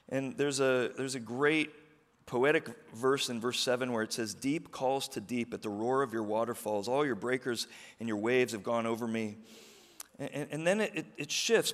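Middle-aged pastor guy preaching, voice on the higher side, earnest then rousing, long echo like a big church hall. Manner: earnest preaching, swings from quiet reflection to rousing calls to the congregation. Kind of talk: sermon. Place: church sanctuary.

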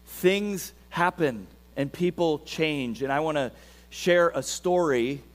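A man preaching a sermon as pastor, asking rhetorical questions and moving between hushed and emphatic delivery. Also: on the high side, slow. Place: church sanctuary. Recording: reverberant church hall.

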